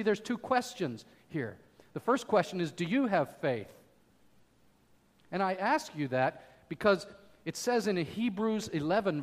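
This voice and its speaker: Man preaching a sermon, pastor, high voice, emphatic, long hall reverb. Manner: emphatic preaching with wide swings in loudness.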